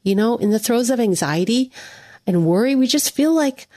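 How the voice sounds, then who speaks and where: A woman giving an earnest devotional teaching, speaking gently to the listener as a friend. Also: fairly high pitch, expressive, normal speed, no room sound, studio quality.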